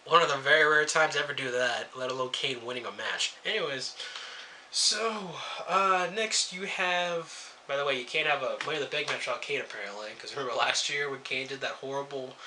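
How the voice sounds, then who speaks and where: A man's voice: mid-range voice, brisk, bright, forceful tone, a little hiss or hum. A young man reviewing a wrestling show in a casual rant, sarcastic and swearing freely as he jumps between topics.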